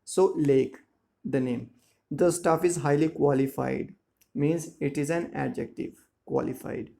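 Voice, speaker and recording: A man teaching a school lesson, explaining words slowly and checking that students follow. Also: on the high side, vocal fry, mellow. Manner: slow, repetitive explaining with frequent check-ins. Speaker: English teacher. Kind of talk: classroom lesson explaining grammar and syllables.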